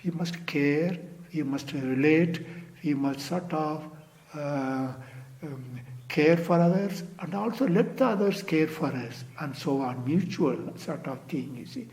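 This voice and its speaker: A man giving an unhurried dharma talk as a Zen teacher, padding with "you see" and "sort of", repeating phrases, and trailing to a near-whisper at phrase ends. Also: a little high, darkish tone.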